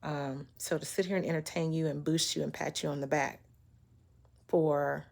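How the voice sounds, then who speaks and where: A woman's voice: low voice, normal speed, creaky, a little mellow. Blunt, emphatic woman vlogger ranting. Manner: repeats words when fired up. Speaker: vlogger giving relationship talk. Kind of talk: casual monologue to camera.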